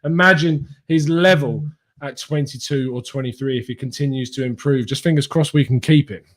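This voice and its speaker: A man's voice: medium pitch, brisk. A young man, hosting a casual fan live stream, reading viewer comments and laughing often. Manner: chatty, laughs often, reads comments aloud. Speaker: fan channel host reading live chat.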